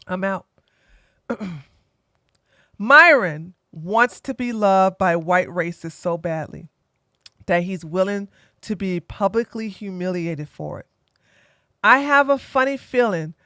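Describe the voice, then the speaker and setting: A woman giving blunt, opinionated commentary as an online streamer, animated and fond of mocking impressions. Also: medium pitch, dry recording, studio quality.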